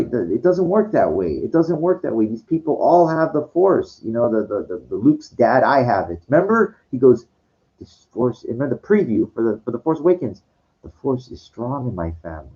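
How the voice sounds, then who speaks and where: A man hosting his own channel, ranting in a passionate, halting way and repeating himself often. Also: mid-range voice, mellow, dull audio. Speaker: host. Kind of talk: rambling movie rant.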